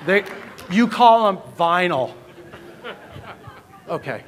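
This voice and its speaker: A man's voice: high-pitched, animated, takes it slowly. A man giving a joking, punchy keynote talk to a conference audience, often asking the crowd questions. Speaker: conference speaker. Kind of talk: keynote presentation to a live audience. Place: large conference hall. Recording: distant hall reverb, faint ambience.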